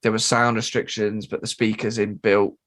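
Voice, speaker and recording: A man co-hosting a podcast, telling a gig story in casual chat, swearing and mimicking people in high squeaky voices. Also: flat delivery, moderate pace, fairly bright tone. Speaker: podcast co-host and drummer.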